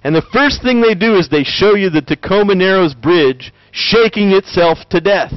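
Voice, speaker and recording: A man lecturing with jokes, his pitch jumping around as he acts out little voices. The sound is dull and lo-fi, and the space is dry, with no echo. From Tennessee. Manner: animated, joking, acts out quick voices. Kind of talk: lively conference talk.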